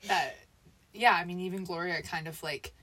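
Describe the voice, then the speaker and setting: Earnest young woman with low voice. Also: steady tone, normal speed, a bit bright. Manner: agreeing, earnest, restarts often. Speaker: podcast co-host. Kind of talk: casual chat.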